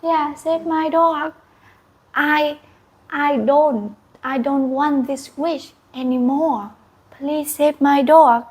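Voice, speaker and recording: Casting: woman doing a grieving king, high strained pleading, slow storybook delivery. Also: steady tone, a little mellow. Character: desperate grieving old king.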